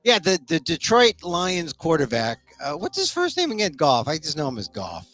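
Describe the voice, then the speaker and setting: A man's voice: a little high, wildly swooping pitch, fairly bright tone, faint music behind. A man hosting a talk show, chatting casually and agreeably with a guest. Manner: conversational, agreeable, frequent quick affirmations. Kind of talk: casual chat.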